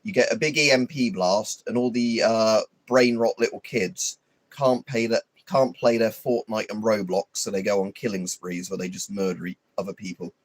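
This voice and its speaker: A man's voice: lowish voice, steady tone, moderate pace, dry recording. A man hosting a livestream, rambling and swearing in an opinionated, casual chat full of fillers. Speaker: livestream host.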